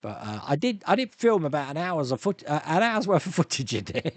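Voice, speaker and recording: A man's voice: on the high side, very animated, brisk, no echo. Chatty man, dry sound. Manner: chatty, rambling, laughs often, many restarts. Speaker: live stream host. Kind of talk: casual chat reading viewer comments.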